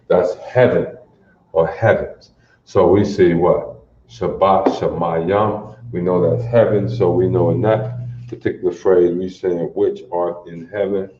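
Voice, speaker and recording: A man's voice: low-pitched, mellow, roomy sound, highs cut off. A man from teaching a livestreamed Bible class, quizzing his listeners and repeating phrases over and over to drill them. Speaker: religious teacher.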